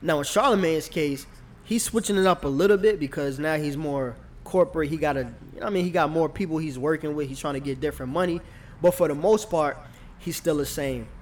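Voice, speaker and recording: Chill guy hosting a podcast, kinda high voice, keeps saying you know what im saying. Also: fairly quick, a little hiss or hum. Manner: laid-back, repeats "you know what I'm saying". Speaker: podcast host and comedian. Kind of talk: casual chat.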